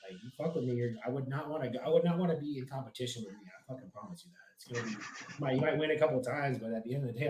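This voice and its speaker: A man's voice: mid-range voice, a little mellow. A man talking casually as a podcast guest, telling brash, profane, boastful stories. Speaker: podcast guest, business owner. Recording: echoey room with noise.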